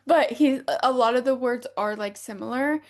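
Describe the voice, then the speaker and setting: At a normal speed and fairly high pitch, a US podcast co-host tells stories in casual chat. She is animated, acting out other people's words and laughing frequently.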